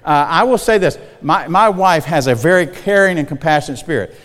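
A man's voice: on the high side, expressive, brisk, fairly bright tone. A middle-aged man preaching a sermon in a folksy, conversational way, often checking in with his congregation. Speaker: pastor. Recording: long hall reverb.

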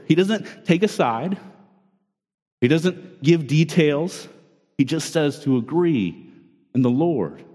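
A man's voice: fairly high pitch, darkish tone. A man, in his thirties or forties, preaching a sermon in an earnest, conversational way, often restarting and repeating words. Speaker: pastor. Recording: long hall reverb.

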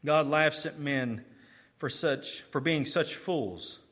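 An emphatic male preacher delivers a sermon in a bright, forceful voice pitched a little above the usual. He swings between booming declarations and low, hushed asides. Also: slow, slightly rough.

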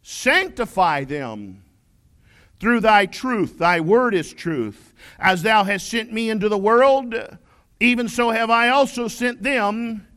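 High, lively preacher, man. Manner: preaching with rising shouted emphasis and slow scripture reading. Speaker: pastor. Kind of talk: sermon.

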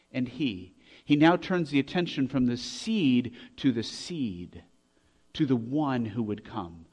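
A man preaching a sermon, earnest, restarting phrases, growing loud as he reads scripture aloud. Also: medium pitch. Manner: earnest, repeats words when restarting, rises to loud when reading scripture.

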